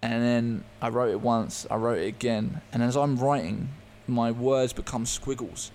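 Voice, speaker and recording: Speaking as a podcast guest, this man shares an honest personal story in an earnest, open manner, halting and full of restarts and fillers. His mid-range voice is steady and a little mellow, with slight noise behind it.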